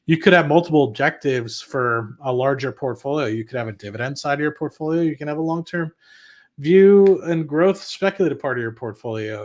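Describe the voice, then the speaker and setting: A man hosting an investing stream, talking casually and bluntly, with swearing and restarts, and answering viewer chat. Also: medium pitch. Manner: rambling and blunt, with frequent profanity and restarts. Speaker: investing channel host. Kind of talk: casual livestream talk reading viewer chat.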